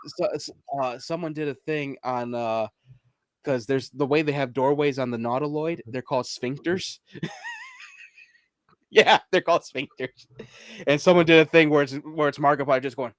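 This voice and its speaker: A man with a fairly high voice co-hosts a casual podcast about video games, speaking at a normal speed. He laughs a lot, restarts sentences and lets them trail off, all in clean, dry studio sound.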